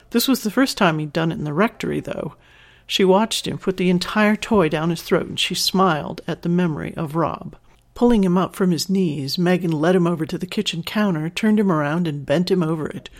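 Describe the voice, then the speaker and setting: A narrator reading an adult story aloud in a steady, measured way. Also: medium pitch.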